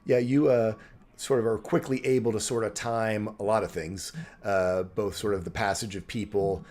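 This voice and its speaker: A man's voice: on the low side, steady tone, moderate pace, a little mellow, slight background noise. A man narrating as game master of a tabletop game, rambling along with many fillers.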